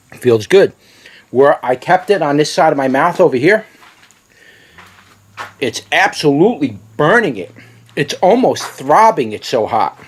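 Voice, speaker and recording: A man reviewing a very hot pepper on camera, with watering eyes and a running nose, talking in halting bursts that repeat words between gasps. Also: a little high. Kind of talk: casual pepper review vlog.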